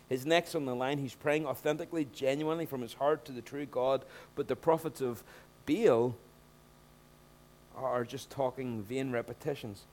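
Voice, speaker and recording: A man preaching a sermon, talking in an animated way and rising to loud emphatic bursts when he acts out scenes. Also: medium pitch. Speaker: pastor.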